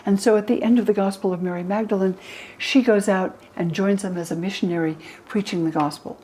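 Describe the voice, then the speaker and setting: An older woman scholar explaining old texts to an interviewer, lively, acting out the quoted speakers in higher voices. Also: fairly quick, husky, low-quality recording. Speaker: religion scholar and guest.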